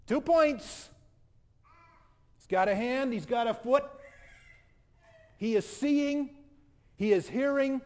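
High-voiced man preaching a sermon. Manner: animated preaching, acts out quotes. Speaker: pastor.

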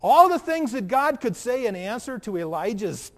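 A man preaching a sermon as pastor, earnest, moving between loud emphasis and hushed, soft passages. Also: high voice, expressive, a little slow, long pauses. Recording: long reverb of a large hall.

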